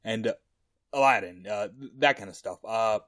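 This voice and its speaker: A man's voice: on the low side, normal speed, fairly bright tone. A man presenting a film on a casual group podcast, rambling with many fillers and little laughs.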